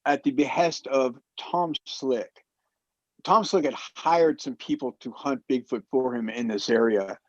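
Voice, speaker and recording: A man telling a long anecdote in casual talk, animated and acting out the quoted people as he goes. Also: medium pitch, unhurried, no room sound. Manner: animated storyteller who acts out quotes. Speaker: roundtable guest. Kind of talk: casual storytelling. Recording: dull muffled dry sound.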